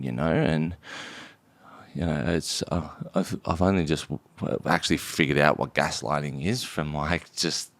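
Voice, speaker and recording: Australian man, very low, gravelly, dry studio sound, sweary rambling founder. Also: steady tone, moderate pace, dry recording. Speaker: company founder, podcast guest. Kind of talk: casual podcast conversation.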